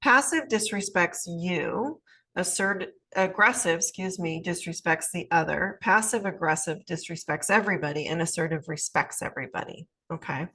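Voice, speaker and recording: A woman's voice: on the low side, normal speed, pushed and bright, husky. A woman hosting a casual advice talk, chatting loosely with many fillers and asides, and acting out little quoted scenes. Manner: chatty, rambling, lots of fillers and "right?"; acts out little quoted scenes in changed voices. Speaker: podcast host, life coach.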